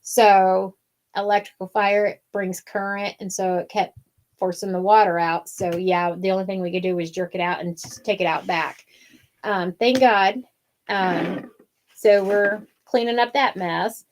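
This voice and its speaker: A talkative woman co-hosts a casual craft show. She rambles through her story with frequent fillers and an easygoing, everyday delivery at a middle pitch. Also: fairly even intonation, measured pace, a little hiss or hum. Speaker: wreath-making show co-host. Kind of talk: casual chat.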